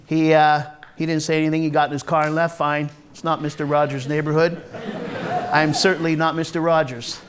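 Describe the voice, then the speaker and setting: A man with a slightly high-set voice tells his own story on a theatre stage. His delivery is wry and confessional, plainspoken and salted with swearing. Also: level tone, brisk, slight background noise. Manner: wry, confessional, blunt and profane. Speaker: solo stage performer. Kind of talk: autobiographical one-man show monologue.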